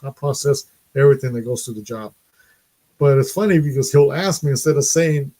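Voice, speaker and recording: A middle-aged man talks casually to his live stream viewers. His voice sits at an ordinary pitch, and he laughs easily between stories. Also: fairly quick, dark tone. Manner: chatty, laughs often.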